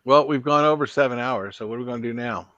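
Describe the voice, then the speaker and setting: A man's voice: mid-range voice, quick pace, fairly bright tone, dry recording, highs cut off. A tired man hosting a casual late-night live stream from home on a laptop mic, chatting and greeting viewers. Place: home, indoors. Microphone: laptop microphone.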